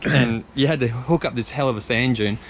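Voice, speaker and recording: A man's voice: mid-range voice, brisk. A man in his thirties with an Australian accent, telling a rambling travel story full of fillers and slang, with faint noise behind him. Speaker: travel vlogger. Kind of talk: casual storytelling.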